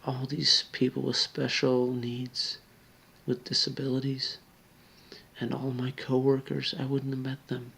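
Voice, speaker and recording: A tipsy man talks straight to the camera, his words slurred and his voice close to breaking. His tone is gravelly and a little husky, and his urgent appeals keep fading into hushed whispers. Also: medium pitch, monotone, measured pace. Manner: earnest, pleading, drops to whispers. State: drunk, slurring; near tears. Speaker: video blogger. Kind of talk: emotional direct-to-camera appeal.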